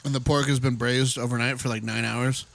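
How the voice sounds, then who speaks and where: A man's voice: mid-range voice, little pitch movement, fairly quick, vocal fry, a bit bright. A man who works as a cook, chatting casually on a podcast in an enthusiastic, profane way. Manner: enthusiastic and profane, says "like" a lot. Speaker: cook at a hotel restaurant.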